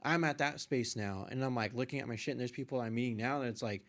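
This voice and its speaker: A young man, a podcast guest, casually telling a story with lively quoted voices and frequent swearing. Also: medium pitch, quick pace. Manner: animated retelling, acts out quoted voices, swears freely. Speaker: podcast guest, artist and photographer.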